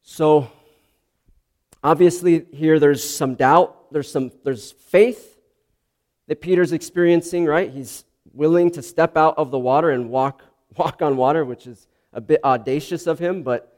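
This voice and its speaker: Earnest pastor with a slightly high voice. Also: male voice, measured pace, darkish tone. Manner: earnest, conversational, with restarts and asides. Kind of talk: sermon with prayer and scripture reading.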